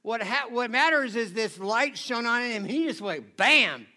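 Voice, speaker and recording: A man with a very high voice preaches in a loose, conversational way. His tone is bright and sharp, and he keeps checking in with the crowd. It sounds like a friendly talk, not a formal lecture. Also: expressive, a little slow. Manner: chatty, keeps asking the audience "right?". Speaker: pastor. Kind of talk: casual conversational sermon.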